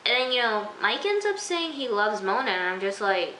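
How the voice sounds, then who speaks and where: A woman chatting through an episode review, acting out her own reactions and sometimes dropping into a soft near-whisper. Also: fairly high pitch, sing-song, normal speed, slight background noise. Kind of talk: casual episode review vlog. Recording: echoey room.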